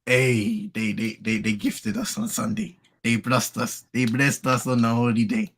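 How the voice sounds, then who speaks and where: A man's voice: medium pitch, a little slow, fairly bright tone. Jokey British man chatting. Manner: jokey, repeats words. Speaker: co-host of a sports watchalong. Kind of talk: casual chat.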